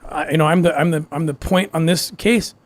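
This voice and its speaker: Halting, slightly high-voiced man telling a story. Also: no echo. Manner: halting, repeats words, laughs between phrases. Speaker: guest. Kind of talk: emotional storytelling.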